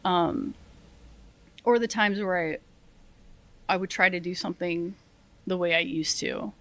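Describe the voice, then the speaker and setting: A middle-aged woman, a retired Army sergeant, telling stories as a podcast guest in a lively, self-deprecating way, laughing often and acting out what people said. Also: fairly low pitch, unhurried. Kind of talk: casual interview storytelling.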